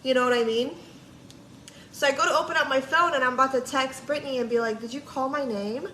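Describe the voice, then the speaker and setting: On a livestream, a woman vlogger chats her way through a long story, saying "like" constantly, quoting people and swearing freely. Her voice is high-pitched, bright and forceful at a quick pace, in an echoey room with faint background noise.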